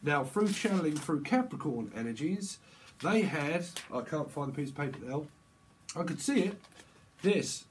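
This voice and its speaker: A man's voice: on the high side, animated, slight background noise, rough recording. Rambling man reading tarot. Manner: rambling, acts out quick voiced exchanges with slang. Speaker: tarot reader. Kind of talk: casual tarot reading vlog.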